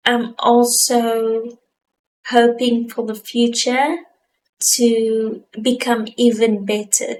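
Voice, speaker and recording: A woman's voice: fairly high pitch, a little hiss or hum, rough recording. A young South African woman talking to camera in a heartfelt, reflective personal vlog. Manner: earnest, heartfelt, slow and thoughtful. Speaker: vlogger.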